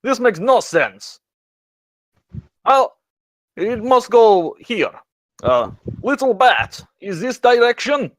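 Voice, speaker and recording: A lost, bewildered adventurer cries out in a high, fretful voice, as a man puts him on. The pitch climbs well above a normal speaking voice and swings widely as he frets. His lines are loud and urgent, and the recording is dry. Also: very animated, takes it slowly, pauses often, no room sound, heavily acted.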